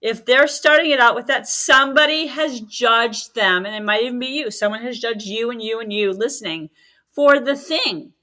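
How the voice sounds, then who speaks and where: Chatty woman with a bright voice. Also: a little high, normal speed. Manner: chatty storyteller, acts out quoted dialogue. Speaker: podcast guest, medium and healer. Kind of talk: casual podcast chat.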